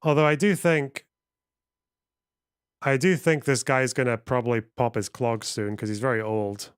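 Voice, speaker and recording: A man's voice: mid-range voice, fairly even intonation, a little slow, clear, resonant tone, no echo, clean studio sound. Profane man streaming live. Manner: profane, rambling, reacting to chat. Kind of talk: casual live-stream chat.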